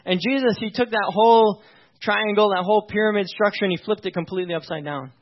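High-voiced man preaching casually, lo-fi. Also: fast. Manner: informal and emphatic, checks in with listeners. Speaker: pastor. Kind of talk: conversational sermon. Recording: dull lo-fi recording.

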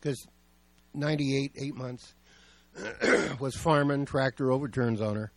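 A man's voice: medium pitch, takes it slowly, creaky, no room sound. A male pastor preaching a sermon, telling stories in a plain, conversational way.

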